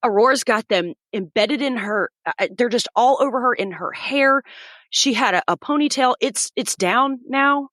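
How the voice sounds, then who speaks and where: A woman's voice: a little high, normal speed, fairly bright tone, no echo, clean studio sound. Woman vividly retelling a frightening hike. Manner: vivid storyteller acting out voices. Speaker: guest. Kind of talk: personal story in an interview.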